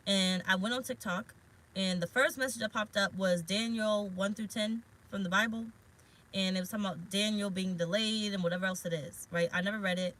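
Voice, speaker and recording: A woman's voice: mid-range voice, fairly even intonation, fairly quick, a bit bright, low-quality recording. A woman tarot reader talking casually in a vlog, rambling and frank, swearing now and then. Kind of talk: casual spiritual vlog talk. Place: parked car.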